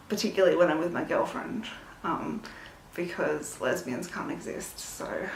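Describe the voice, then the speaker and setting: Gravelly woman, pointed measured talk, echoey room. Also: deep voice, recorded from a distance, a little hiss or hum. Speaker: interviewee. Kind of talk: personal testimony.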